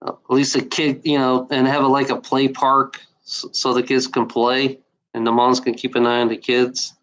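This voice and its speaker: A man's voice: mid-range voice, monotone, normal speed, a bit bright, poor audio. A man ranting bluntly and profanely in a casual video, with many restarts and filler words. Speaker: video maker. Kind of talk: casual unscripted rant.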